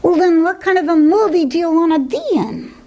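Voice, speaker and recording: A woman's voice: extremely high pitch, a little fast, darkish tone. A woman voicing a playful, carefree stuffed toy snail in a puppet comedy skit, teasing and bouncy with a sing-song delivery.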